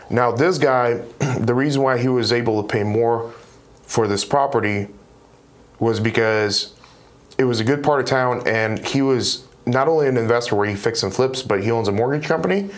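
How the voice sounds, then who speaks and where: A man in his twenties, a real estate investor guest, telling a story in a casual, animated way. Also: medium pitch, normal speed. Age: 20s. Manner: animated, acts out quoted dialogue.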